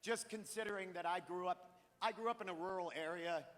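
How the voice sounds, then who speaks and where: A high-voiced man tears through a profane stand-up rant, his bright, cutting tone jumping into shouts. The live theater stream carries a long hall reverb around him. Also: fairly quick. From Maine. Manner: profane, ranting, bursts into shouting. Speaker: stand-up comedian. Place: large theater stage. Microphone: handheld stage mic.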